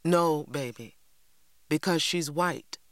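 A woman voicing a firm, tired mother in an audiobook, speaking quietly with a hard, controlled edge. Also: deep voice, slow, no room sound, studio quality. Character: firm, weary Southern mother. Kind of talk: audiobook character voice.

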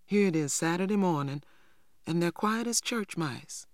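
A reader voicing a gentle, anxious mother who speaks softly but firmly, in a dry, close recording. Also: medium pitch, lively intonation, moderate pace, no room sound, voice pushed up, lightly acted. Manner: soft, tender, firm when giving orders. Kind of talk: audiobook character voice.

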